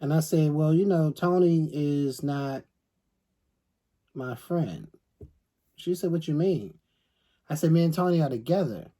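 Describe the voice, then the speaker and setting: A man's voice: a little high, measured pace, long pauses. Middle-aged guy spilling a story, laughs a lot, does everyone's voices. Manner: animated storyteller acting out others' voices, laughing often. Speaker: co-host. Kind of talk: storytime chat.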